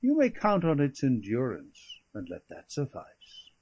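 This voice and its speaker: A man reading an audiobook, voicing a mild, gentle old lord with an earnest, kindly manner and a husky voice. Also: medium pitch, wildly swooping pitch, measured pace, voice pushed up, heavily acted. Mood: stern.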